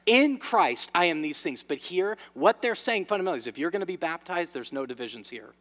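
A man preaching a sermon to his church, swinging between loud emphasis and hushed lines. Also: fairly high pitch, animated, quick pace. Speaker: pastor. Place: church sanctuary. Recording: long reverb of a large hall.

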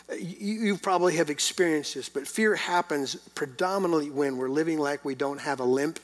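A man's voice: on the high side, moderate pace, hardly any pauses. A middle-aged man preaching a sermon, telling a family story and then pressing his point with rhetorical questions. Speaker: pastor.

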